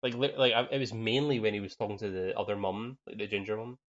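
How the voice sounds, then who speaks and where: A man's voice: on the low side, fairly even intonation, quick pace. Rambling man on dull lo-fi audio. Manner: chatty, laughs often, rambling and hesitant. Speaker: podcast co-host. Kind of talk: casual film review chat. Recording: dull lo-fi sound.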